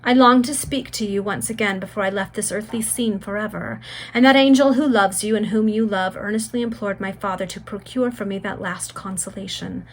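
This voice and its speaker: A woman's voice: mid-range voice, brisk, natural voice. A woman voicing a tender, prophetic dying young woman in a read-aloud gothic story, with an earnest, fervent delivery.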